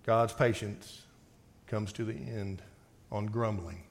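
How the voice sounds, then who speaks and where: A man's voice: fairly low pitch, slow, slight background noise. Emphatic male preacher. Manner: emphatic, swings between forceful outbursts and quiet reading. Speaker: pastor. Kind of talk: sermon with scripture reading.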